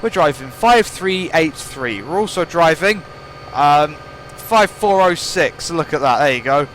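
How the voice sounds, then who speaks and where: A man's voice: a little high, animated, unhurried, a bit bright, slight background noise. A young man giving rambling, playful commentary over gameplay, joking at his own expense. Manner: rambling, playful, self-mocking. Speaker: gaming channel host.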